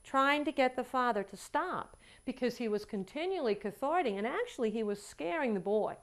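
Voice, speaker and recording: A woman counselor telling a story from a session in a lecture, with animated, emphatic repetition and acting out both sides of the dialogue. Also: on the high side, moderate pace.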